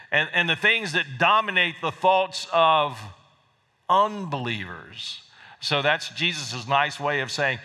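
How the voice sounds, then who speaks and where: A man's voice: mid-range voice, unhurried, bright, forceful tone. A man preaching a sermon as pastor, talking conversationally and often repeating words as he goes. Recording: long reverb of a large hall.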